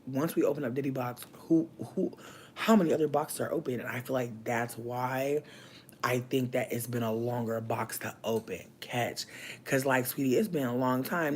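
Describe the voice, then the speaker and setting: Campy, animated man riffing casually. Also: medium pitch, a little hiss or hum. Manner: campy, animated, laughing, slangy. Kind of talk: casual comedic commentary.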